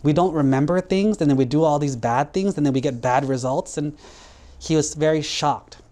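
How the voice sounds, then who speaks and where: A man's voice: on the high side, moderate pace, dark tone. A man, a Buddhist monk, telling a moral story to children in a casual, conversational way. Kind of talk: storytelling sermon for kids.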